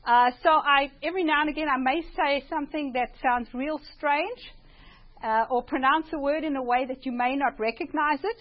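At a church presentation, a woman with a South African accent gives a chatty, informal talk, starting with a prayer before she speaks. Her voice sits high at a moderate pace, she's self-deprecating, and the recording has its highs cut off.

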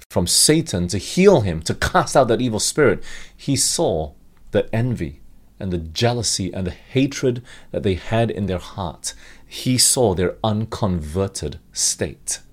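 A man's voice: lowish voice, a little mellow. Earnest man preaching a sermon. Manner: earnest preaching with rhetorical questions, reads scripture aloud.

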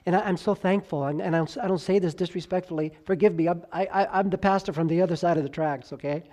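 A male pastor preaching a sermon, swinging from loud emphatic highs to hushed lows and drawing out key words slowly, with conversational asides and stammered restarts.

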